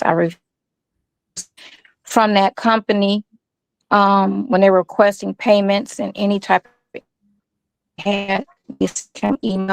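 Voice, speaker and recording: Woman caller, gravelly and hesitant, dry choppy phone audio. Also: mid-range voice, no room sound. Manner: hesitant, many fillers and restarts. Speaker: guest on a live stream call. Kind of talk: casual phone-in chat. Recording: dry phone line cutting in and out.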